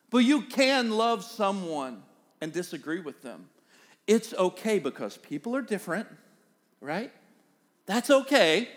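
A middle-aged pastor with a Southern US accent delivers a sermon with animated energy, his voice leaping up and then dropping low to make a point. His voice sits a little on the higher side for a man. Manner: animated preaching with wide swings in pitch and loudness.

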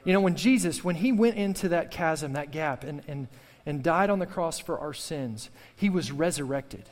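A man's voice: fairly high pitch, lively intonation, moderate pace, long reverb tail. A male pastor preaching a sermon with fervor, repeating key phrases and calling on the congregation to respond. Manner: impassioned preaching with repetition and call-and-response.

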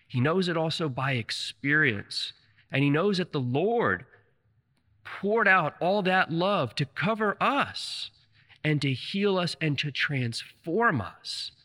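A man's voice: on the high side, pushed and bright, long reverb tail. A man preaching a sermon, retelling scripture stories with fervent enthusiasm.

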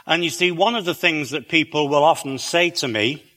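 A middle-aged creationist speaker with a British accent and a slight lisp gives a chatty talk to an audience in a large hall. He fills it with wry asides and plenty of fillers. His voice is on the high side and fairly bright, at a normal speed.

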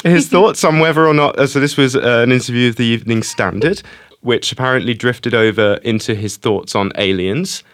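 A man's voice: mid-range voice, fairly quick, dry recording. A man hosting a film podcast in casual chat, hesitant and repeating words as he goes. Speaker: podcast host.

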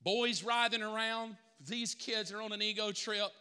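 Male pastor, animated sermon, high and bright, long church reverb. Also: normal speed, clean tone. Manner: animated, acts out Bible characters.

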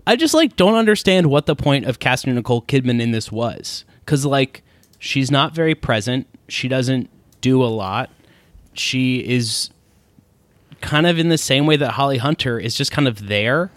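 A man of middle pitch talks casually and wryly, with quick asides. The sound is close and dry, with no room echo. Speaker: podcast co-host. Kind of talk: casual critical chat.

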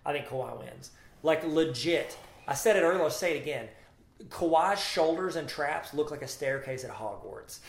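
Male podcast co-host, slightly high, joking rambler, echoey room. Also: expressive, normal speed, gravelly. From New Jersey. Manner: joking, rambling, bursts of silly put-on voices. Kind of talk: casual sports podcast chat.

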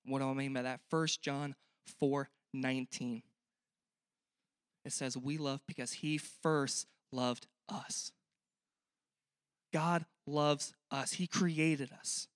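A man's voice: mid-range voice, steady tone, takes it slowly, pauses often, smooth, no room sound, clean studio sound. A young man preaching a sermon in a church, earnest and conversational, often asking the listeners questions. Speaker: pastor.

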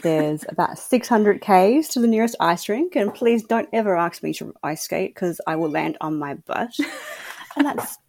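A woman's voice: fairly low pitch, expressive, normal speed, creaky, darkish tone. A woman from New South Wales with an Australian accent, a chatty, self-deprecating guest on a casual podcast who laughs easily.

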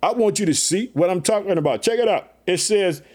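Pumped-up high-voiced preacher man. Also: a little fast. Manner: excited, repetitive preaching catchphrases. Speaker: pastor. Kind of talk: energetic podcast sermon.

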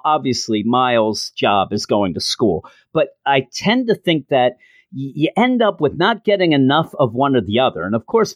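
Man, comic review, chatty and enthusiastic, lots of restarts, animated pitch, dry close sound. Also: dry recording. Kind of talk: casual spoken review.

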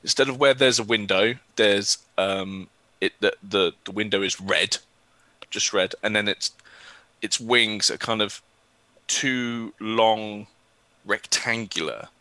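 A man's voice: lowish voice, slow, bright, forceful tone, no room sound. A man narrating a tabletop role-playing game as game master, talking with frequent hesitations. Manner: hesitant, many ums, chuckles.

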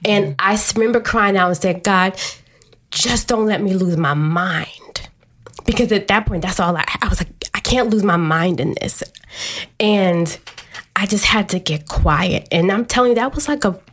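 A woman guest on a talk show, candidly telling a personal story in a quick, open way. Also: medium pitch, fairly bright tone.

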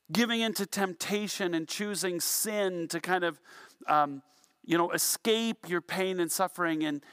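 Middle-aged man, pastor, conversational sermon, sharp bright tone, wry self-deprecating humor. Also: high-pitched, smooth, no echo, studio quality.

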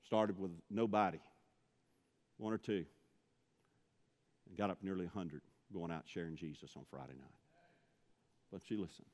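A man's voice: low voice, moderate pace, long pauses, a little mellow, big-room sound. A man from Mississippi, preaching a sermon, telling stories and building to impassioned pleas. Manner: storytelling, rising to impassioned pleading.

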